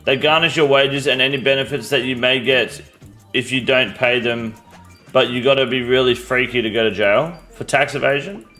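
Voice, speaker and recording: Brief: Australian man, mid-pitched, blunt and sweary streamer banter, faint music underneath. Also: moderate pace, bright, forceful tone. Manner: blunt, profane, answers chat questions. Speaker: game streamer. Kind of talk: casual live-stream chat.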